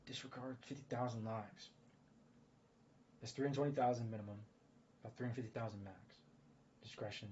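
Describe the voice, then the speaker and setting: A man's voice: medium pitch, darkish tone. A man giving rambling casual commentary, full of fillers and restarts. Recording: dull lo-fi audio with faint noise.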